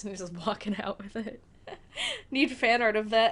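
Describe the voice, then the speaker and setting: A woman's voice: mid-range voice, expressive, normal speed. A young woman streaming a video game, chatting playfully with viewers, laughing often and sounding tired. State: sleepy, yawning. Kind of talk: casual game stream chat. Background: game music.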